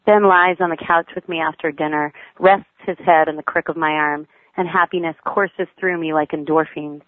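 A woman's voice: low voice, level tone, normal speed, hardly any pauses, no room sound. A mother reading aloud her personal diary essay in a wry, affectionate, plain manner. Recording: tinny phone-like line, dry.

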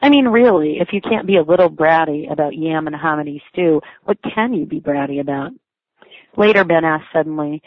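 A woman with a low voice reads her own blog entry slightly fast, treating her personal essay in a wry, self-mocking, lightly amused way. No room sound is present in the dry, tinny, phone-like recording.

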